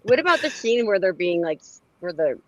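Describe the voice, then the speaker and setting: Lively, bright-voiced woman. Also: mid-range voice, brisk, no echo, poor audio. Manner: lively, giggly. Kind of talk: casual chat.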